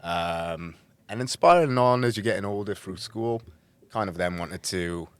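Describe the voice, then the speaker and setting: A Welsh man in his thirties from Cardiff, a podcast guest telling his story in a relaxed, friendly way. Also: low-pitched, measured pace, clear, resonant tone, no room sound. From Cardiff, Wales. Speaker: guest, personal trainer. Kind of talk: casual podcast interview. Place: small studio.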